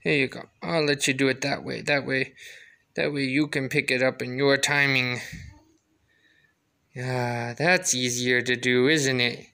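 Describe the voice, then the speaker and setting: A father gently coaxing his baby in a home video, sometimes turning playfully dramatic. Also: mid-range voice, level tone, unhurried, creaky.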